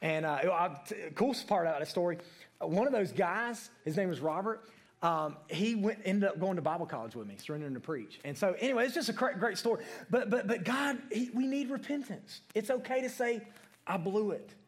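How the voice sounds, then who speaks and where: A young adult man preaching a sermon, telling a personal story in an animated way and calling on people in the congregation by name. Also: sits high, a little fast.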